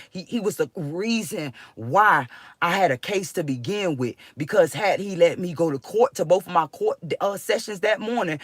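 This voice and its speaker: A woman rants straight to her viewers, agitated and swearing, tripping over her words as she restarts sentences. The sound is dry and close, with no room echo. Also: lowish voice. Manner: agitated, profane, rambling with restarts. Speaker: vlogger. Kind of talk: emotional personal venting.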